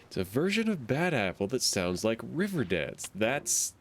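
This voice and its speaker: A man's voice: mid-range voice, sing-song, normal speed, a little hiss or hum. Rambling, playful male game streamer. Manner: rambling, playful, makes silly sound effects. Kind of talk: casual gameplay commentary.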